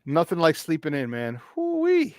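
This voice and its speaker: High-voiced, hyped-up male host. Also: fairly quick, no echo, studio quality. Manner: hyped, loud and playful. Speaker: morning show host. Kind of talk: sports talk show.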